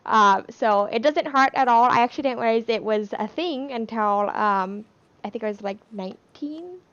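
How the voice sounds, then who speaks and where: A young woman talks in a rambling, chatty way on a livestream, her O sounds bent by a speech impediment. Her voice sits a little high. The audio is dull and lo-fi. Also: normal speed, fairly bright tone, dry recording. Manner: rambling, chatty, laughs between points. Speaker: livestream cast member. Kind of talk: casual chat.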